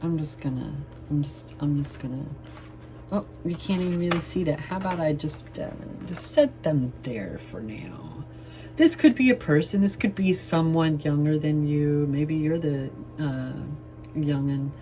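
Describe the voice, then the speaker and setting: A woman's voice: deep voice, expressive, unhurried, dark tone, slight background noise. A woman giving a chatty tarot reading to camera, talking loosely, swearing playfully and laughing often. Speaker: tarot reader.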